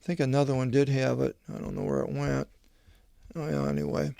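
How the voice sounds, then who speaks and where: A man, a Bible translator, reading scripture aloud with meandering, halting commentary and asides. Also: medium pitch, creaky, warm tone, no echo.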